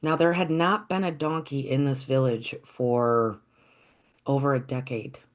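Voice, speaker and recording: A storyteller telling a folktale in a gentle, reflective, unhurried way. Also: mid-range voice, steady tone.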